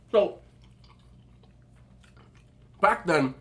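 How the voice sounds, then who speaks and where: Casual storytelling over food comes from a young adult mukbang vlogger who keeps talking with his mouth full. He has an expressive, mid-range voice with a fairly bright tone, spoken at a normal speed.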